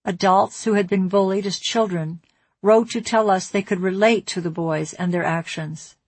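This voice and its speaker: Husky woman reading a somber memoir. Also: mid-range voice, steady tone, no echo. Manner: measured, somber and reflective. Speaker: narrator.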